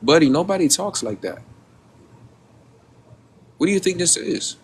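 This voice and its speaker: A high-pitched man talks quickly in a slightly rough recording while hosting a casual livestream. Rhetorical questions pepper his speech, he speaks directly to his audience, and he stumbles over repeated words while groping for what to say.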